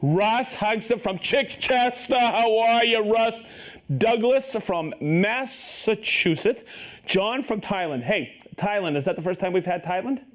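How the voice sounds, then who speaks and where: A man's voice: high-pitched, measured pace, a bit bright. A man hosting a live stream, upbeat and joking as he reads out viewers' names and hometowns and stumbles over some of them. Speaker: host of a live tool show.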